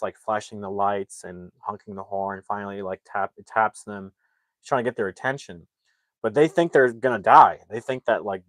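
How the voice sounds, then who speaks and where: Low-voiced man rambling through a plot. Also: dry recording. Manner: rambling, filler-heavy, acts out quotes. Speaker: movie reviewer. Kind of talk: casual plot retelling.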